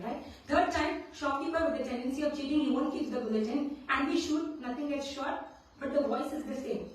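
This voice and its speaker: High-voiced woman teaching scripture in an echoey hall. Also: a little mellow. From India. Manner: storytelling, often checks in with "right?". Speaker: scripture class speaker. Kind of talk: devotional scripture class. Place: temple hall. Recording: very echoey hall, mic at a distance.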